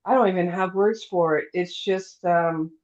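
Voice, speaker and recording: A woman's voice: fairly low pitch, moderate pace. Chatty woman telling her story. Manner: lively storyteller, acts out quoted dialogue, many fillers. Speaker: guest telling her near-death story. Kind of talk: casual storytelling interview. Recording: dull lo-fi sound.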